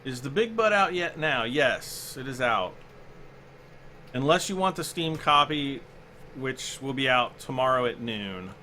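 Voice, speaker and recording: A man's voice: mid-range voice, animated, measured pace, pushed and bright, slight background noise. Guy streaming a farming game, chatty and rambly, answering chat, voice bounces up and down a lot. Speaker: game livestream host. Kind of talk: casual livestream commentary.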